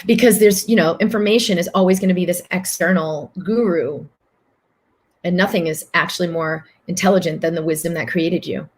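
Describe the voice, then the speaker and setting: Earnest woman host, calm flowing talk. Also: fairly low pitch, brisk. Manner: earnest, flowing, repeats phrases for emphasis. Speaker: host reading viewer comments. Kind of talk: live-stream talk.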